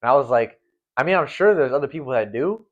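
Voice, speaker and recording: This guest is a young man in his late teens who used to play setter in volleyball. He speaks fast in a mid-range voice with lively intonation, rambling earnestly through a casual conversation loaded with fillers, all captured on a dull lo-fi recording.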